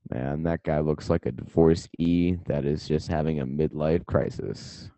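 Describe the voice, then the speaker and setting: A man's voice: a bass voice, fairly even intonation, unhurried, warm tone, no echo. A young man co-hosting a podcast in casual banter, often stammering and restarting his sentences. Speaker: podcast co-host.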